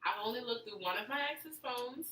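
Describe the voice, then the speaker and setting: Bright, chatty woman host. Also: a little high, expressive. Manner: chatty, quick bursts, playful voices for quotes. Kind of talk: casual chat. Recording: echoey room, mic far off, faint noise.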